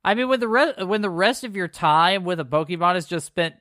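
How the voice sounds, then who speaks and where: A man's voice: high voice, expressive, brisk, sharp tone, no echo, studio quality. A man co-hosting a podcast, reading an episode summary in a casual way and dropping sarcastic asides. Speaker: podcast co-host recapping episodes.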